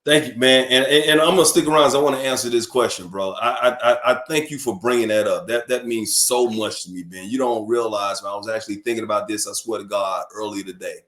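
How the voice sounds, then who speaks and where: A man from New York and Alabama, talking casually as a guest on a sports radio show, animated and emphatic, often repeating words when fired up. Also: lowish voice, fast, hardly any pauses. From born in New York, raised in Alabama. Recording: echoey room.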